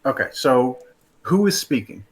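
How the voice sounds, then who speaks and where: A man narrating as game master, halting with fillers as he explains rulings. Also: mid-range voice, very animated, breathy edge.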